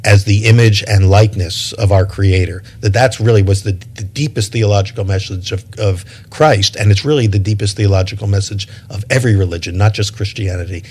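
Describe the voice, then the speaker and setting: A middle-aged man speaking reflectively as an interview guest, pausing and restarting his phrases as he thinks. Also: lowish voice, fairly even intonation, a little mellow, breathy edge. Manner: thoughtful, many restarts and repeated words.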